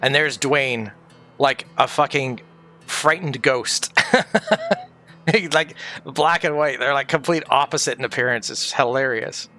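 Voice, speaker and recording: A man's voice: medium pitch, unhurried, sharp tone. A man streaming from home, grieving, talking candidly in a rambling, sweary way. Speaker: livestreamer. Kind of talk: casual livestream chat.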